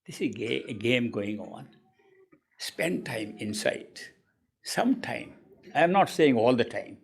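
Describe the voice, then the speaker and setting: A man giving a spiritual discourse as a teacher, expressive and gently humorous, acting out the voices he quotes. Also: mid-range voice, measured pace, vocal fry, breathy edge.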